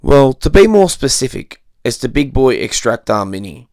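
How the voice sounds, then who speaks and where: A man's voice: mid-range voice, very animated, moderate pace, a little mellow, dry recording. A married man giving a comedic product review, slipping dry jokes and cheeky innuendo in between the facts. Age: adult, married.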